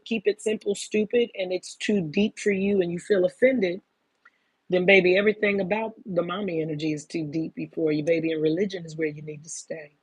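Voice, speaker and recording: A woman's voice: fairly low pitch, darkish tone, slightly rough, no echo. A woman in her fifties giving a casual spiritual monologue, emphatic and profane, often calling listeners "baby.". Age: 50s. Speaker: spiritual talk host.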